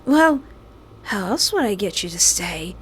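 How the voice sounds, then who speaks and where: A woman voicing a soft-spoken, creepy young man who holds someone captive, talking slowly and coaxingly in a visual novel. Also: mid-range voice, sing-song, a little hiss or hum. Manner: soothing, slow and coaxing.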